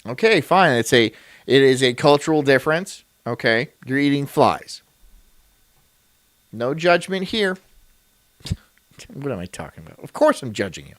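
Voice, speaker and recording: A man's voice: mid-range voice, very animated, normal speed, long pauses, fairly bright tone, no echo. A man streaming, reacting to a video in rambling, crude and self-mocking casual chat.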